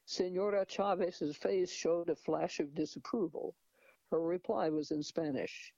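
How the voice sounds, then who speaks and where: A man's voice: a little high, unhurried, creaky, warm tone, no echo. A man reading a novel aloud in a hesitant manner, with restarts and asides. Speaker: reader. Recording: dull lo-fi recording.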